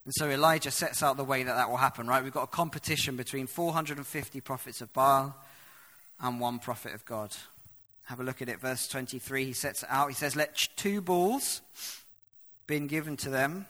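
A man preaching a sermon, reading scripture aloud and explaining it, swinging from hushed to loud. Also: medium pitch, a little fast.

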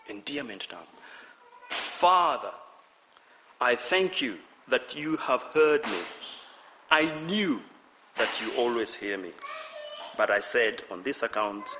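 A man preaching a sermon, animated, repeating words and building up to shouts. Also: mid-range voice, slight background noise. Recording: reverberant hall.

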